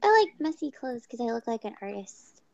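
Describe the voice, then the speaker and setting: A woman's voice: fairly high pitch, very animated, moderate pace, creaky, no room sound, lo-fi sound. A woman chatting casually, rambling and often restarting her sentences. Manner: rambling, self-correcting. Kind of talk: casual chat.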